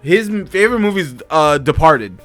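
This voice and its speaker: A man's voice: on the high side, expressive, brisk, fairly bright tone, soft background music. A young man co-hosting a casual podcast chat, blunt and teasing as he trash-talks a friend. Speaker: podcast co-host.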